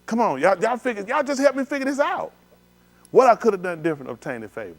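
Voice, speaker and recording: Animated man preaching with big swings. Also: quick pace. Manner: animated, swings from low murmurs to loud exclamations. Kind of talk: sermon with live demonstration. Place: synagogue hall.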